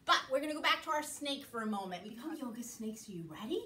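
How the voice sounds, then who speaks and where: A woman's voice: on the high side, lively intonation, quick pace, bright, forceful tone, roomy sound, distant mic, a little hiss or hum. A woman leading a children's yoga class in a playful, sing-song way, making animal sounds as she goes. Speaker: kids' yoga teacher.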